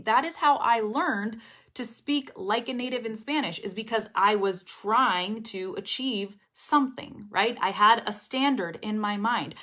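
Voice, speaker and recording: A woman's voice: a little high, sharp tone. A young woman teaching English pronunciation in a casual lesson to camera, chatty and encouraging, often checking in with her viewers.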